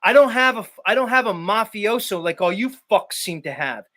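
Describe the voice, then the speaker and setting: Fired-up guy on a livestream yelling at his chat, kinda high voice, swears a lot. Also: expressive, normal speed. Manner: agitated, profane, repeating names. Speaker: livestream host. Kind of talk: heated livestream rant to chat. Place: dark room.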